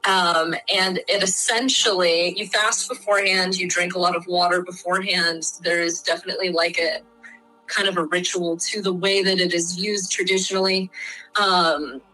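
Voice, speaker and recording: Chatty Midwestern woman, bright voice. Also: lowish voice, fairly even intonation, normal speed, faint music behind, rough recording. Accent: Midwestern American. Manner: chatty, frank, many fillers. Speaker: guest. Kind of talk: casual explanatory interview.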